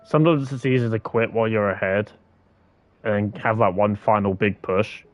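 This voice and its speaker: A man's voice: lowish voice, fairly even intonation, moderate pace, no room sound, faint music behind. Casual rambling young gamer man. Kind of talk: casual game commentary.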